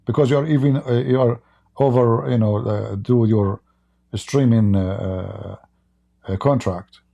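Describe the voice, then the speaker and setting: A live stream host with a gravelly, dark, mid-range voice that is starting to give out comments on a religious debate. He reads quoted passages slowly, then mocks them, and the recording sounds muffled.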